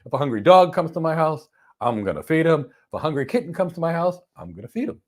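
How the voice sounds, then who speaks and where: A man giving a motivational talk on stress, telling stories with emphatic bursts that drop to soft, calm lines. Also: a little high, fast talker. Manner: animated storyteller, swings from loud emphasis to soft calm. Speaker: host. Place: lives in Florida.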